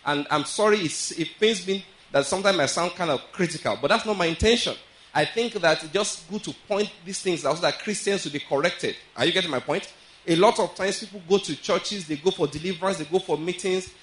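A man's voice: high voice, fairly quick, fairly bright tone, low-quality recording. A man preaching a sermon, earnest and repetitive, often checking that his listeners follow. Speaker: pastor.

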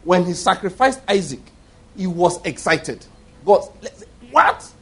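Middle-aged man, pastor, sermon, emphatic and repetitive storytelling, slightly high, husky. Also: expressive, takes it slowly.

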